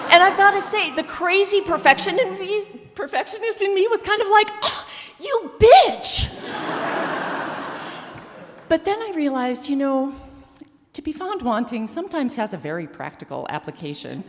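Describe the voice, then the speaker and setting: Woman, live storyteller, comic and self-mocking, lively swooping pitch, stage mic, echoing theater hall.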